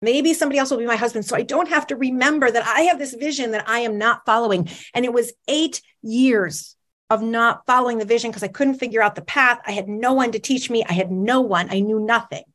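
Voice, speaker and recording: A woman's voice: a little high, brisk, a bit bright. A woman in her forties, a motivational speaker, telling a personal story on stage with dramatic pacing and questions to the audience.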